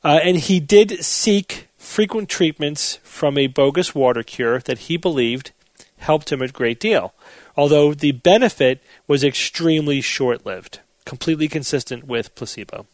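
A man hosting a casual podcast chat, explaining things in a measured way. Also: fairly high pitch, no room sound. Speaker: podcast host.

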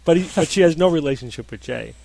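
A man hosting a casual podcast panel, talking in a measured way and reading listener emails aloud. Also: on the high side, expressive, gravelly, darkish tone. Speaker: podcast host.

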